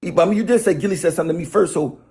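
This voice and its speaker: A man delivering a mocking, rapid-fire rant of trash talk. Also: high-pitched, mellow. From Harlem, New York. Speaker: rapper in played video clip. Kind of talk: animated insult rant.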